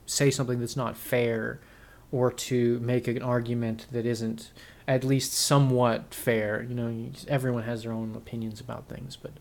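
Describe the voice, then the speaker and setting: Earnest young man, halting personal talk. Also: mid-range voice, flat delivery, gravelly, a little mellow. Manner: earnest, halting, many restarts. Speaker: vlogger. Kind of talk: reflective personal talk to camera.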